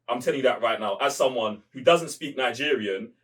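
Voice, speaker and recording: A man's voice: medium pitch, a little fast, a bit bright, far from the mic. A man giving a film review in casual chat, emphatic and slangy, saying "bruv" often. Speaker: movie reviewer.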